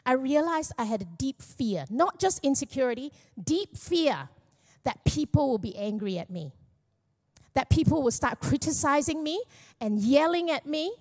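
A woman's voice: high-pitched, animated, normal speed. Candid, joking middle-aged woman pastor. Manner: candid, self-deprecating and joking. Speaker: young adults pastor. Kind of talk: personal testimony sermon. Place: church.

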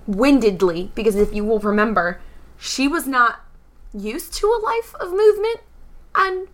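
Brief: lively female player, slightly high voice, quick chatty table talk. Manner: chatty, animated. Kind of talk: casual chat.

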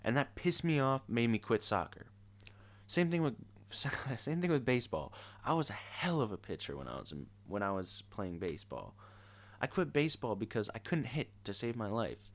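A man's voice: mid-range voice, very animated, normal speed. A teenage boy ranting casually in an exasperated, sarcastic way. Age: teens. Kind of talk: casual rant to camera.

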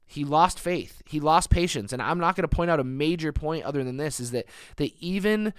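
A man in his thirties preaching a sermon, earnest, building to emphatic peaks and then dropping soft. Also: fairly high pitch, animated, a little fast, clear, resonant tone, dry recording, studio quality. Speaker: pastor.

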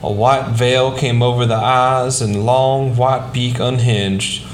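A man reading a short story aloud in a soft, quiet, measured way. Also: mid-range voice, fairly even intonation, slight background noise. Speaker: narrator.

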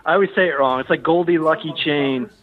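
Podcast co-host, man, high voice, self-mocking, swears, muffled lo-fi sound. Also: fast talker. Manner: self-deprecating, joking, profane. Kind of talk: casual podcast chat.

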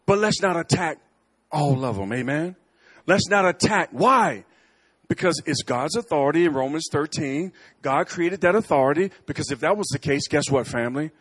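A middle-aged man preaching a sermon in church, telling stories with lively swings between bold, loud lines and quiet asides. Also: a little high, normal speed, breathy edge. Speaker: guest preacher. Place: church sanctuary.

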